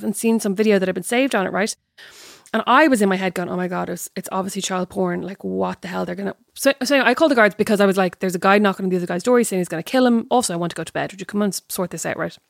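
Fast-talking Irish woman, podcast co-host. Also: mid-range voice, no room sound, clean studio sound. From Ireland. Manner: lively storytelling, animated. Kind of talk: casual chat.

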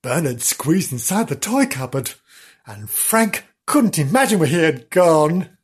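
A woman's voice: low-pitched, very animated, unhurried, breathy edge. A woman reading a children's story aloud with playful, chatty asides.

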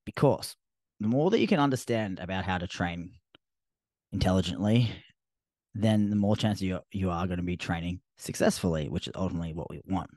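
A man's voice: deep voice, fairly quick, a little mellow, no echo. An Australian man, a fitness coach hosting his own podcast, talking casually and rambling a little, with frequent ums and restarts. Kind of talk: casual solo podcast talk.

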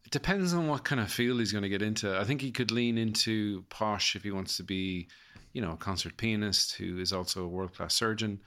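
Irish male comic host, 30s, loose self-deprecating chat, low voice with a bright edge. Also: brisk, hardly any pauses. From Ireland. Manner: rambling, self-mocking, laughs at his own jokes. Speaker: comedian and podcast host. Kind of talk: casual comedic chat.

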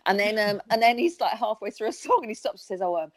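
A woman's voice: fairly high pitch, expressive, fast, no room sound. A woman in casual chat, a teasing storyteller who laughs often.

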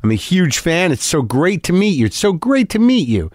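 A man's voice: a little high, very animated, normal speed, no echo, studio quality, pitched above the performer's own voice. A man voicing an earnest, starstruck male fan who talks in breathless, eager, repetitive bursts. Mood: gushing. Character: gushing earnest male fan on a city street.

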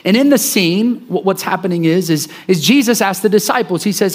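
Male preacher, a bit higher voice, conversational sermon delivery with repeated phrases. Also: brisk, hardly any pauses.

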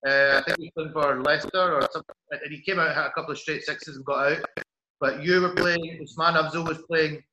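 Man, host, casual interview, chatty, friendly, bright voice, echoey room. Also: on the high side, fairly even intonation, a little fast, highs cut off.

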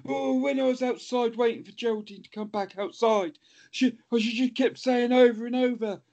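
Very high-voiced man with absurd jokes. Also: fairly even intonation, vocal fry, a little mellow. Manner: absurd interjections, drawn-out punchlines. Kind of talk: comic banter. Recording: dull lo-fi sound.

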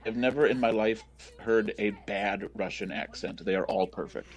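A man speaking as a guest filmmaker on a podcast, relaxed and explaining behind-the-scenes details in casual film commentary. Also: lowish voice, moderate pace, faint music behind.

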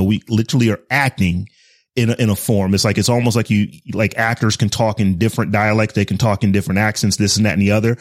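A man's voice: fairly low pitch, dry recording, studio quality. A man hosting a tech podcast, explaining his points steadily and building them up step by step. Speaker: podcast host. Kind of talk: casual tech discussion.

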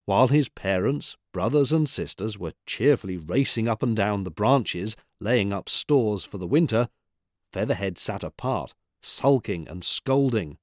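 A man's voice: on the low side, lively intonation, unhurried, a little mellow, no room sound. Man reading a storybook, dry sound. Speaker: reader. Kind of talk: scripted narration.

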